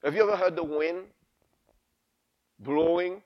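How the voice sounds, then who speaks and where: A man's voice: mid-range voice, normal speed. A middle-aged man preaching a sermon, fervent and repetitive, calling the congregation to respond.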